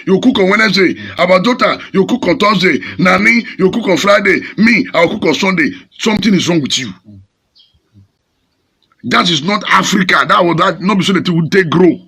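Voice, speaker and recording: A Nigerian pastor scolds his listeners in a fiery sermon laced with Pidgin. His high, bright voice is gravelly and raspy with a husky edge, swinging wildly in pitch, and he delivers it briskly with lively intonation.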